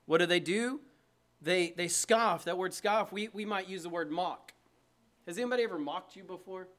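A man's voice: high voice, moderate pace, a bit bright. A man preaching a sermon from the pulpit, emphatic and conversational, with asides to the congregation. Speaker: pastor. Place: church.

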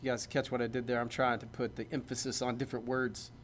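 A man's voice: mid-range voice, flat delivery, fast, slight background noise. A man, a pastor, preaching a sermon in a conversational, joking way that builds to emphatic points.

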